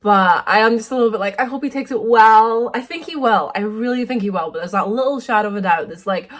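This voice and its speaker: A woman's voice: on the high side, fairly quick, a bit bright. A young woman, chatting casually to camera for a vlog, rambling and full of "like". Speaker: vlogger. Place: home kitchen. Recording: echoey room.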